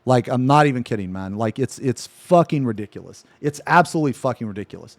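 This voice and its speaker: A man's voice: mid-range voice, animated, fast, no echo. A man streaming live who rants at his chat, swearing constantly, frustrated and annoyed, repeating "man" at the ends of lines. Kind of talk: angry rant to live chat.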